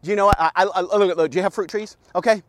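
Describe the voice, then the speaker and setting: A man hosting an informal daily devotional, talking in an animated, folksy way that keeps circling back to "look at" and "okay". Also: high voice, racing. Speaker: devotional host. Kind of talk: casual devotional talk. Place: outdoors in a park.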